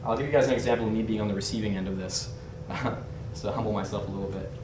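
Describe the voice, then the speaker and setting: A man's voice: lowish voice, very fast, a little mellow, slight background noise. A young man teaching body language through a candid, brash story, swearing and laughing as he talks, heard through a distant mic in a roomy space. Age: young adult. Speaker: body language and dating instructor. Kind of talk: casual storytelling lesson.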